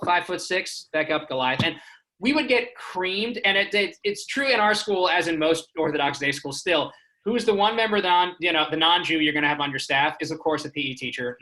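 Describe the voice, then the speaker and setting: A man from Houston, Texas performs a stand-up comedy set on a remote stream, telling self-deprecating stories. His voice is high and sharp, and the recording is rough.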